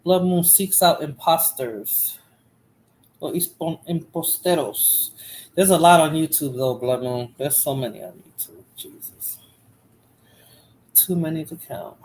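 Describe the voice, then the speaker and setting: A woman's voice: deep voice, a little slow, long pauses, darkish tone, poor audio. A woman hosting a casual livestream, chatting to viewers in chat by name in a drowsy, rambling way. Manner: drowsy, rambling with fillers and restarts. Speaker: livestream host.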